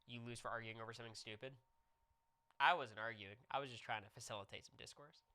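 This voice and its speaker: A young man streaming, chatting casually with viewers and telling a jokey, animated story. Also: mid-range voice, fast talker, clean tone.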